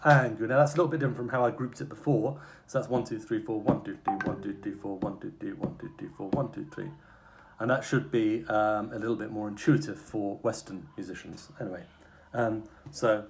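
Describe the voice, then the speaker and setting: A man's voice: fairly low pitch, darkish tone, slight background noise. A man giving a casual music lesson, explaining step by step and chanting rhythm syllables, stopping to fix his own slips. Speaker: music teacher.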